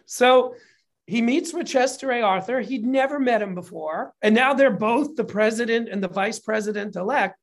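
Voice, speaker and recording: This is a casual, chatty storyteller who swears freely and throws energy into every beat of the tale. The pitch sits in a middle register. At times the telling turns openly emotional. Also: normal speed. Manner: animated, profane retelling of a history story; gets emotional while telling it. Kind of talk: casual chat.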